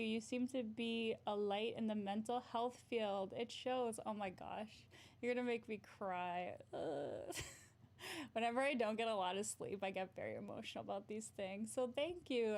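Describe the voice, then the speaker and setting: Bubbly, giggly woman with vocal fry. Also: fairly high pitch, normal speed, a little mellow. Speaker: therapist and livestream host. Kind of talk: casual livestream chat, reading comments.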